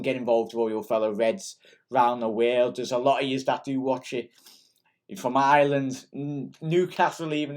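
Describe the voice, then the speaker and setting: Young Scouse man, excitable football fan host, rambly with lots of ums, mid-pitched voice. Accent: Liverpool (Scouse). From Liverpool. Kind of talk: casual post-match chat reading comments.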